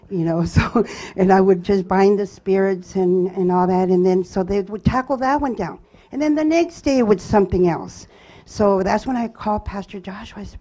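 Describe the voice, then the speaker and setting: A woman giving a personal testimony at church, telling her story earnestly with halting restarts. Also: mid-range voice, dark tone.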